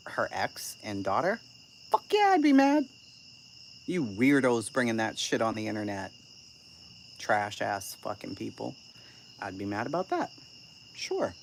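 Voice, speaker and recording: A host riffs through a casual live-stream, answering chat in a blunt, profane and sarcastic way. The pitch swings widely from line to line. Faint crickets chirp quietly behind the voice. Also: slight background noise.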